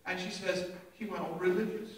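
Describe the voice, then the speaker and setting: An older man, preaching a sermon with animated humour, recorded from a distant mic in an echoey church. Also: sits high, fairly quick. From England. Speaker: pastor. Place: church hall.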